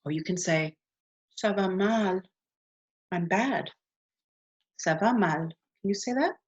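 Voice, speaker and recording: A woman's voice: medium pitch, lively intonation, slow, husky. A woman teaching beginners, her voice rising and falling a lot as she models each phrase. She is patient and keeps asking the listener to repeat. The sound is dull and lo-fi. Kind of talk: beginner language lesson.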